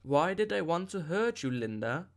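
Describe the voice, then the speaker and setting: A man's voice: a little high, very animated, moderate pace. A man voicing a pleading young boy.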